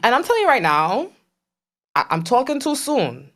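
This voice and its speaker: A young woman from Trinidad co-hosts a relaxed podcast conversation. Her voice swings widely in pitch as she jokes and laughs between points. The talk is loose and friendly. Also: moderate pace. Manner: animated, laughs often, playful asides. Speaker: podcast co-host. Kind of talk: casual chat.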